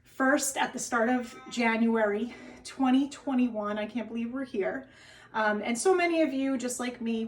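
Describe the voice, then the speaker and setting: A woman's voice: a little high, far from the mic, rough recording. A woman with a New Jersey accent chatting to camera as she demonstrates a recipe at home, often checking in with "okay?". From New Jersey, USA. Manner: chatty, keeps tagging lines with "okay?". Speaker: wellness cooking host. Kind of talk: casual cooking demo to camera. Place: home kitchen, indoors.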